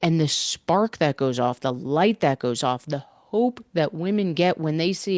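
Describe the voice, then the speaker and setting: A woman's voice: low voice, unhurried, few pauses, a little mellow, no room sound, studio quality. A middle-aged woman coach hosting a podcast, talking energetically and emphatically in a conversational monologue, often checking in with "right?". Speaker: fitness coach and podcast host.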